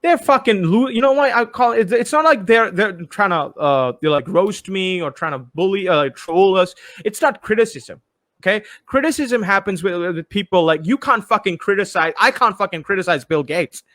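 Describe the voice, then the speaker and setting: High-voiced, profane young host. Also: male voice, moderate pace, no room sound. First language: Bengali. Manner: animated, profane, mixes in imitated voices. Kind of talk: casual chat.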